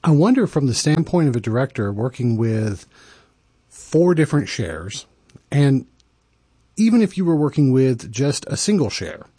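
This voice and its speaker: Husky mellow guy interviewing, slow careful questions, dry sound. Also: mid-range voice, dry recording. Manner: measured, deliberate questions.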